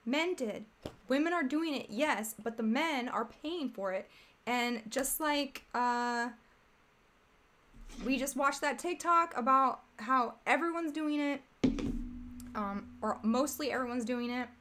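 High-pitched woman ranting on her stream, rambly and fed up. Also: slow pace, sharp tone, slight background noise. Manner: rambling, exasperated, chatty. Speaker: streamer host. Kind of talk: casual commentary stream.

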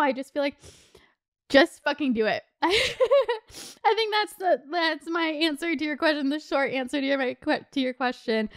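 A woman's voice: high voice, clear, resonant tone, no echo, clean studio sound. A woman in her twenties hosting a podcast, giving casual heartfelt advice with lots of "like" and "you know". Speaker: podcast host.

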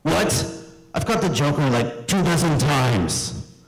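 A man doing a self-satisfied caped crimefighter who grows indignant at every setback. The voice stays close to the man's own, dry, with a lively rise and fall and an unhurried pace. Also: on the high side, soft background music, pitched above the performer's own voice, poor audio.

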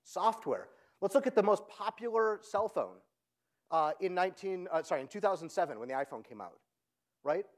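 A man giving an energetic conference keynote, often checking in with the audience by asking "right?". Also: high voice, brisk. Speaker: conference speaker. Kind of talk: keynote talk.

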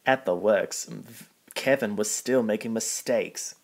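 A man's voice: on the low side, measured pace, a little mellow. A man reading a children's picture book aloud, plainly, with small slips. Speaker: storybook reader.

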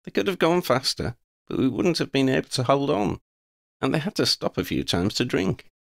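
A woman's voice: a bass voice, big pitch swings, moderate pace, creaky, no echo, studio quality, pitched above the performer's own voice, heavily acted. A man voicing a confident, playful young witch who leads her friends with wry teasing.

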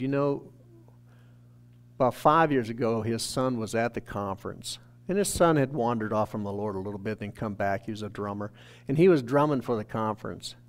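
A man from a church staff telling an earnest, emotional testimony in a sermon. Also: medium pitch. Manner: earnest storytelling, rising to shouted quotes.

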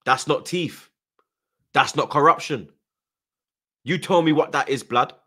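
A man's voice: on the high side, unhurried, pushed and bright, husky. Furious man ranting on stream. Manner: angry, swearing, repeating taunts and "yeah?" tags. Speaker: streamer hosting a football watchalong. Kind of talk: live fan watchalong rant.

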